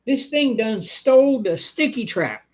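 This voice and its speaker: A man's voice: lively intonation, exaggerated voice. A man putting on a tearful old lady. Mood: tearful panic. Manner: high, pleading, drawn-out. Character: frantic tearful old Southern woman.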